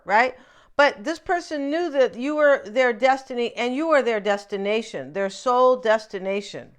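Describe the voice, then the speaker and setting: A woman's voice: mid-range voice, clear, resonant tone. A woman giving a casual, chatty tarot reading, often musing aloud and asking "right?". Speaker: tarot reader.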